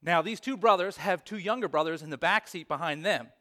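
A man's voice: fairly high pitch, a little fast, sharp tone. A man preaching a sermon as pastor, reading scripture, praying and telling stories in an earnest, emphatic way.

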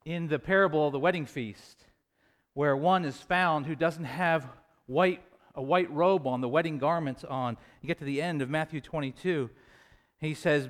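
A man as pastor preaching a sermon in a church, earnest, swelling louder when he quotes scripture. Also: a little high, moderate pace.

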